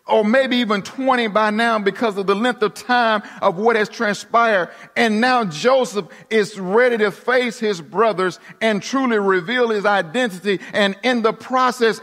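A high-pitched male preacher delivers a dramatic sermon, sinking to near-whispers and climbing back to emphatic declarations. His voice rings out with a long reverb, as in a large hall. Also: a bit bright.

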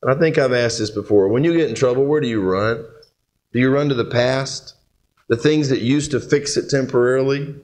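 A man's voice: medium pitch, brisk, darkish tone. A man preaching a sermon as pastor, reading scripture aloud and asking the congregation direct questions in a conversational way.

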